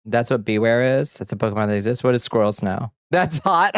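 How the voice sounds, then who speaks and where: A male streamer bantering with his chat, blunt and crude in a joking way, laughing often. His voice sits at an ordinary middle pitch. The sound is dry and close, with no room echo. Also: expressive, moderate pace, smooth. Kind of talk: casual livestream chat.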